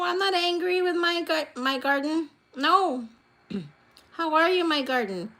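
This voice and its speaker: Woman, high voice, casual livestream chat, teasing, laughs a lot, phone mic on a table. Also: sing-song, slow pace, a bit bright. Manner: laughs often, teasing and playful. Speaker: livestream host. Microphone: phone lying on a table.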